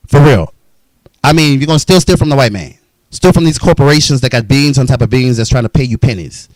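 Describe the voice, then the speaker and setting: A man's voice: mid-range voice, animated, brisk, no echo, poor audio. A man telling his own life story in a blunt, profane, heated monologue.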